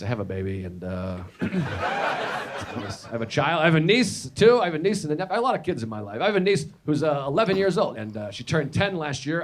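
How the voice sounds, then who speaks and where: A man's voice: sits high, a bit bright. A man performing a stand-up comedy routine, telling exaggerated stories in a sardonic way. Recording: noisy clip played back in a reaction video.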